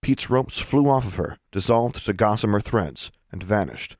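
A man narrating a fantasy story in steady, scripted storytelling. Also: lowish voice, normal speed, no echo, studio quality. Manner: steady storytelling, lively intonation. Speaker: audiobook narrator.

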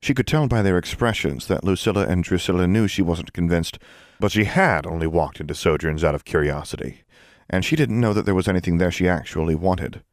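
Deep-voiced man narrating an audiobook. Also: brisk, no room sound, clean studio sound. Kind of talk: scripted narration.

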